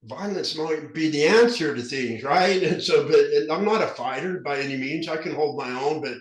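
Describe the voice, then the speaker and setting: A man's voice: fairly high pitch, normal speed. A man of about fifty from southern Utah, a recovery specialist, speaks as a podcast guest. He has a slight lisp from dentures and talks in an earnest, rambling way with many restarts. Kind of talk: candid storytelling in an interview. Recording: roomy echo.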